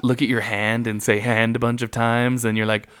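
A man shares facts on a casual podcast in a chatty, rambling way. He laughs often and uses plenty of fillers. His voice sits at an ordinary mid-range pitch. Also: level tone, normal speed, fairly bright tone, clean tone. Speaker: podcast co-host.

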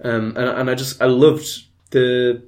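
Man, podcast host, casual film review, relaxed, sweary, mid-pitched voice. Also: unhurried.

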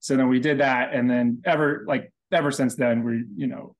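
A man's voice: medium pitch, fairly even intonation, moderate pace. A man guesting on a podcast, telling his story in a casual, rambling way full of "like". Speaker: podcast guest, breathwork practitioner.

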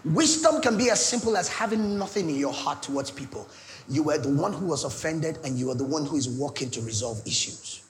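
A middle-aged Nigerian man preaching a sermon, swinging between loud declarations and soft pleading asides. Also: on the high side, lively intonation, a little fast. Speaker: pastor.

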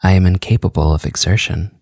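A man voicing a languid, drowsy young female vampire countess in an audiobook reading, speaking softly with sighs. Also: sits low, fairly quick, no echo, studio quality. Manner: languid, soft, sighing.

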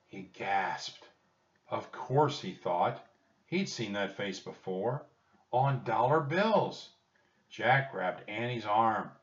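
Low-voiced man reading a children's book. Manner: expressive storytelling with a lively tone. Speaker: audiobook reader. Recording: distant roomy dull home recording.

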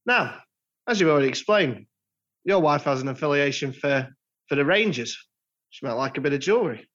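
A man's voice: a little high, lively intonation, fairly quick, fairly bright tone. A man co-hosting a casual podcast with dry, mock-formal humour. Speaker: podcast co-host. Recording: dull lo-fi sound.

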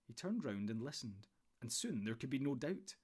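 Guy reading a fantasy audiobook, even measured voice, mid pitch. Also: slightly rough. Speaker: audiobook narrator. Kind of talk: scripted storybook narration.

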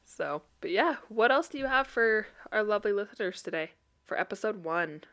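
A woman's voice: mid-range voice, expressive, normal speed, fairly bright tone. A woman co-hosting a podcast in casual chat, easygoing, with short reactions and laughter. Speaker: podcast co-host.

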